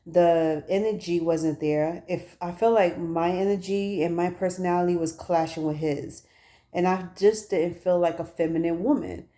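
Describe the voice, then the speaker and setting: A woman's voice: on the low side, fairly even intonation, moderate pace, mellow. A woman in her thirties talking casually and candidly to her viewers in a personal vlog, recorded on a phone. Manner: chatty, candid storytelling to viewers. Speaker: vlogger.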